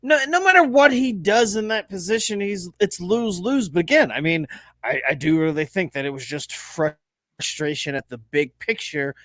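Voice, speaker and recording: A man's voice: sits high, lively intonation, moderate pace, fairly bright tone, no echo. A man co-hosting a casual sports podcast, emphatic and opinionated, laughing often. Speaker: podcast co-host.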